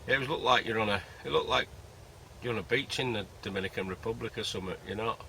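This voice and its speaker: A man's voice: on the low side, fast, sharp tone. Man, casual rambling chat, jokey, outdoor lakeside, noisy recording. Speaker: carp angler vlogger. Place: outdoors by a lake, winter fishing camp.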